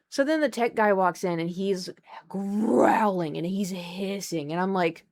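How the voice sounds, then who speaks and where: Young woman streamer rambling thru a story at her desk mic, chatty and animated, keeps stopping to scold her cat. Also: mid-range voice, measured pace. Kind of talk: casual storytelling to live chat. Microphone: desk microphone.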